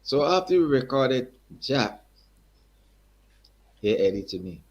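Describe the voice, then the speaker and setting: A man's voice: mid-range voice, slow pace, pauses often. An older man from Barbados, telling stories as an interview guest in a casual, colloquial way. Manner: animated, colloquial, leans on "man" and "you know". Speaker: guest, calypsonian. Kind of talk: storytelling in a sit-down interview. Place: living-room studio set.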